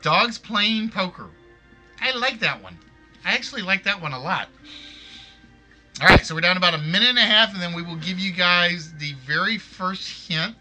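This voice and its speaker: A man's voice: high-pitched, animated, brisk, bright, forceful tone, faint music behind. A man hosting a live game stream, chatting casually and rambling, correcting himself as he goes. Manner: rambling, self-correcting, apologetic. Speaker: game show stream host.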